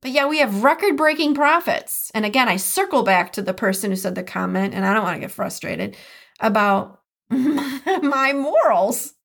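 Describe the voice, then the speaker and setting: A woman hosting her own podcast and talking alone, earnest and reflective, drawing out key words slowly for emphasis. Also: medium pitch, gravelly, fairly bright tone. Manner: earnest, reflective, speaks with slow emphatic stresses. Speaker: podcast host. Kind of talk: solo podcast commentary.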